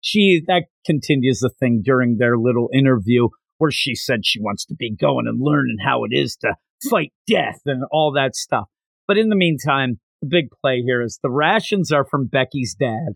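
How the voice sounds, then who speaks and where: A man co-hosting a casual podcast chat, animated, acting out quotes with big jumps in pitch. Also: normal speed, vocal fry, no room sound. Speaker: podcast co-host. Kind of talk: casual chat recapping an anime episode.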